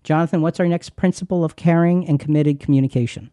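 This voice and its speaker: A man's voice: on the high side, steady tone, fast talker, warm tone, dry recording. A man co-hosting a Christian marriage teaching, talking with emphatic, preacherly repetition. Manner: emphatic, preacherly, repeats words. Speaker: Christian radio co-host.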